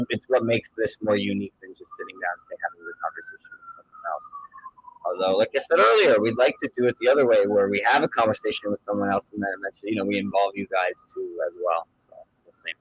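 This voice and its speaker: Brief: male co-host with a lower voice, relaxed and chatty, speaks to the audience. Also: breathy edge, lo-fi sound. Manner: easygoing, explains plans, addresses viewers directly. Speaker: podcast co-host. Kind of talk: casual livestream chat.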